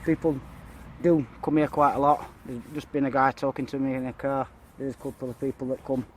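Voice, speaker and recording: A man's voice: medium pitch, flat delivery, a little fast, a little hiss or hum. A man talking casually to a handheld camera outdoors by a pond, a bit out of breath and rambling with fillers. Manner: rambling, chatty, lots of uh and so. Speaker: fishing vlogger. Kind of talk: casual vlog talk to camera.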